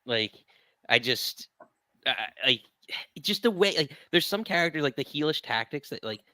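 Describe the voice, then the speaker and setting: A man's voice: on the high side, animated, normal speed, background noise. A man hosting a wrestling podcast, rambling and jumping in during casual chat. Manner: rambling, restarts often, jumps in. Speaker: podcast host.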